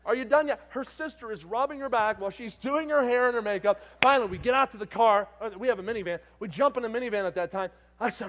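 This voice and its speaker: Man, middle-aged, preacher, high voice, animated storytelling sermon, loud to hushed.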